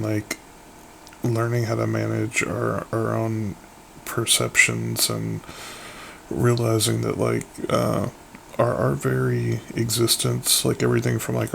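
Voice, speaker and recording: A man with a deeply gravelly, fry-heavy voice chats casually on a podcast. He rambles and swears freely as he thinks out loud. Faint noise sits behind him. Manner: rambling, profane, loose. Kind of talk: casual chat.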